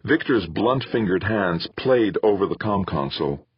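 A man narrating a novel in a dramatic, lively reading style. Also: sits low, normal speed, breathy edge, no room sound. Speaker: audiobook narrator. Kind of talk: scripted narration of a sci-fi novel. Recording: slightly muffled.

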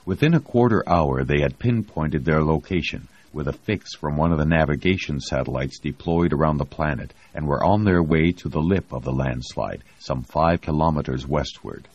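A man narrating an audiobook in a steady, even way. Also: rumbling low, moderate pace, few pauses. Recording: dull lo-fi audio.

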